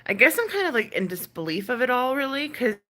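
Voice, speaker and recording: A woman's voice: on the high side, big pitch swings, fast talker, pushed and bright. A woman ranting casually on a stream, exasperated and full of sighs, fillers and swearing. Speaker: ASMR creator ranting on a live stream. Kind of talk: casual rant.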